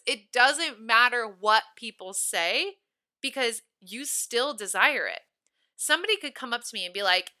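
Bright, animated woman podcast host. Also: on the high side, unhurried. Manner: animated, giggly, emphatic. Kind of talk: casual storytelling monologue.

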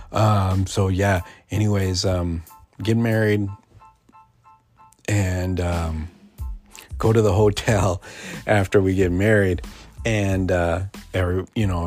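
A man's voice: deep voice, darkish tone. A man in his forties telling a personal story in a casual, rambling way, full of fillers and restarts. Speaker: podcast host.

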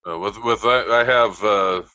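Low, bright-voiced man chatting casually. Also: unhurried, no echo. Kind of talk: casual chat.

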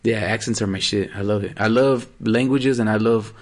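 A young man in a casual podcast chat, relaxed and profane, who likes trying out mock accents. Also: lowish voice, normal speed.

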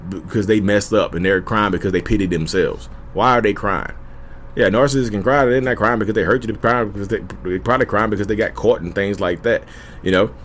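Earnest low-voiced man with lilt. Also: a bit bright, slight background noise. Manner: earnest, repetitive, addresses listeners as y'all. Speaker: YouTube host. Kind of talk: casual direct-to-camera advice talk.

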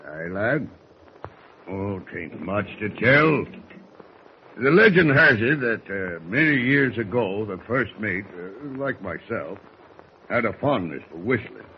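A man playing a gruff, peg-legged first mate of a sailing ship with salty sea-dog speech, in 1940s radio acting on an old, dull recording. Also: fairly low pitch, animated, slow pace, slight background noise. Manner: salty sea-dog talk, bellows orders.

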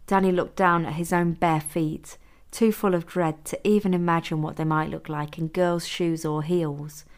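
A woman narrates her own story in a steady, measured audiobook reading. Her voice sits a bit low for a woman, even and unhurried.

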